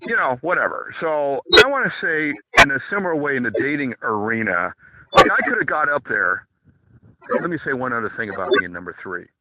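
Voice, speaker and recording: A man's voice: mid-range voice, sing-song, a little fast. A middle-aged man from the USA hosting a podcast, giving dating advice in a rambling, boastful, lecturing monologue. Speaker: podcast host. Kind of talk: casual monologue. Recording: tinny phone-line sound with faint noise.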